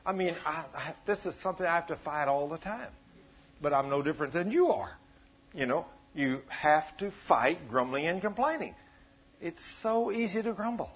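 A man's voice: a little high, lively intonation, normal speed, slightly rough, dull audio. A man preaching a sermon in a folksy, conversational way, joking with his congregation.

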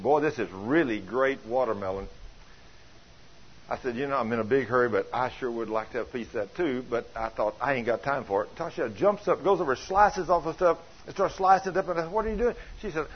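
Husky folksy older preacher man. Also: mid-range voice. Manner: storytelling, chuckling, colloquial grammar. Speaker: pastor. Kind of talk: folksy sermon. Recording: dull lo-fi sound.

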